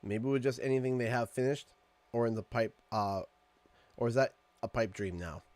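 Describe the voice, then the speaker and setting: A man's voice: medium pitch, moderate pace, a little mellow. A Canadian man hosting a casual live stream from his home room, joking and playfully complaining at his desk mic. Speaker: streamer host.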